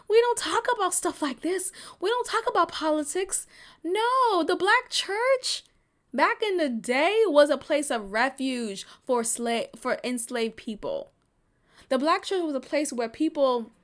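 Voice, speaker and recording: Fiery, profane woman podcaster. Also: sits high. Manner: fiery, profane, swings from weary to shouting. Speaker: podcast host. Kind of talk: impassioned solo commentary.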